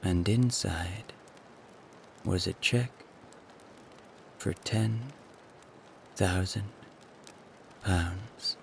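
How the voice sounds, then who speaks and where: A man narrating a calm bedtime story in a soothing way. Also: low-pitched, creaky, slight background noise. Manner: slow, soothing.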